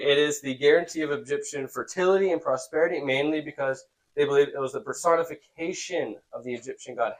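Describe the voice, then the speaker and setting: A man teaching a youth Bible class in a relaxed, conversational way, often checking in with the students. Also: on the high side, low-quality recording.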